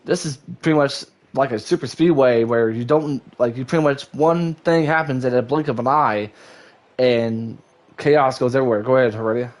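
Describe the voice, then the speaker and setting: Excitable male sim racing play-by-play caller. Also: mid-range voice, normal speed. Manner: excitable, rambling, voice leaps up during action. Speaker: lead race commentator.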